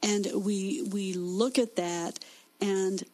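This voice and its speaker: A woman's voice: medium pitch, steady tone, slow pace, dark tone, rough recording. A woman in a Christian discussion who teaches from scripture with emphatic stress.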